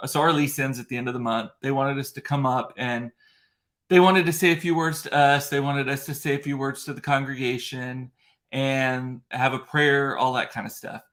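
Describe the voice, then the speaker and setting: A man's voice: medium pitch, steady tone, normal speed, a bit bright. Male livestream host, casual and rambling, chatty and emotional, speaking into a computer mic. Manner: rambling, emotional storyteller with frequent fillers and restarts. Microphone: computer mic in front of a ring light.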